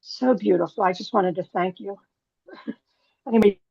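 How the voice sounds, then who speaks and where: A woman with a gravelly, creaky voice gushes her thanks to another participant. Her voice sounds dry and dull over the lo-fi call audio. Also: mid-range voice, normal speed, dark tone, dry recording.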